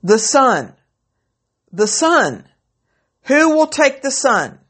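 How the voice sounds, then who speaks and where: A woman's voice: on the low side, lively intonation, unhurried. A woman voicing a male auctioneer at an estate sale who keeps calling for bids in a raised, pressing voice. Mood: insistent.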